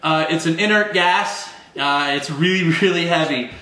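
A man's voice: a little high, normal speed, sharp tone. A man chattily coaxing his kids through a home experiment in a kitchen, laughing between instructions. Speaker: parent running a home experiment. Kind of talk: home video, coaching kids. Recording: echoey kitchen.

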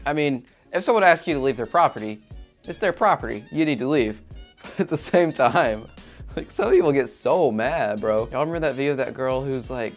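A man riffs his way through a reaction video, his voice swinging up and down as he jokes and laughs at himself. His pitch sits in a middle range, and faint music plays softly underneath. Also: animated, a little fast. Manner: joking, self-mocking, laughs often. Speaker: YouTube host reacting to videos. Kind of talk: casual reaction commentary. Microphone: shotgun or lav mic.

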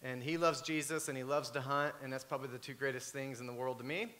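A man, preaching a sermon and telling a story with lively swings between loud and hushed. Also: mid-range voice, quick pace. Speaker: pastor.

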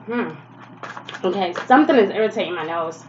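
A woman's voice: on the low side, lively intonation, moderate pace, darkish tone, muffled recording, slight background noise. A woman giving a casual tarot reading, chatty and blunt, swearing freely and laughing often, with a stuffy nose from allergies. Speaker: tarot reader.

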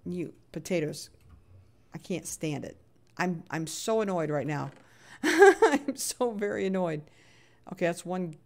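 A woman's voice: fairly low pitch, animated, a little slow, long pauses. Playfully exasperated woman streamer. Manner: playfully exasperated, reads chat aloud, chatty. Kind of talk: casual live-stream chatter.

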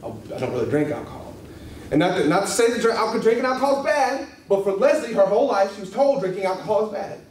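Man teaching a class, high voice, animated, echoey room, distant mic. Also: rapid-fire, few pauses, a little hiss or hum. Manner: animated, acts out quoted voices, laughs often. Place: church classroom.

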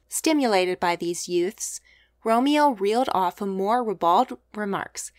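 A woman reading a classic short story aloud as narrator, measured and expressive. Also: medium pitch, no echo, studio quality. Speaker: audiobook narrator. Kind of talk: scripted narration.

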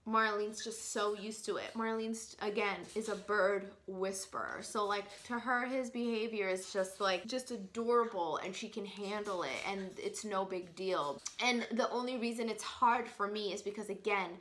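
A woman's voice: mid-range voice, steady tone, moderate pace, few pauses, fairly bright tone. A woman vlogger talking casually to camera, rambling and chatty, with many fillers as she tells a story. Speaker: parrot channel vlogger.

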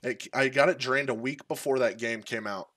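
A man's voice: medium pitch, normal speed, fairly bright tone, no room sound. A young man streamer telling a crude, rambling story in a casual way, full of fillers like "like" and "bro". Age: young adult.

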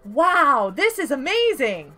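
Playful high-voiced woman gaming. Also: big pitch swings, takes it slowly, bright, forceful tone. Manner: playful and giggly, counting items aloud. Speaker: streamer playing a game. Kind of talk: casual gameplay chat.

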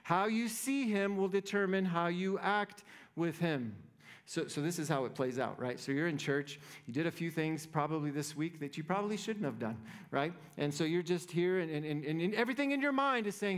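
A man's voice: on the high side, normal speed. A man preaching a sermon as pastor, conversational and playful, often checking in with the congregation. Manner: conversational, playful, keeps asking "right?".

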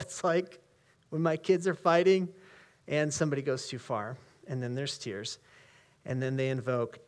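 A male pastor with an American accent, preaching a conversational sermon in a church and reading scripture slowly with emphasis. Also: on the high side. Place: church sanctuary.

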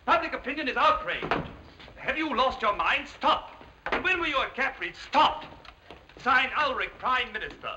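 Brief: a sly valet, high and lilting, noisy old soundtrack. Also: male voice, very animated, moderate pace. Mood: reading aloud. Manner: polite, dry, with sly understatement. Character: dry, deferential male valet. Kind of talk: 1930s film acting.

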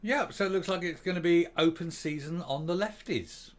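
A man's voice: a little high, normal speed. A man delivering a scornful, sarcastic commentary monologue as a vlog host. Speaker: commentary vlogger.

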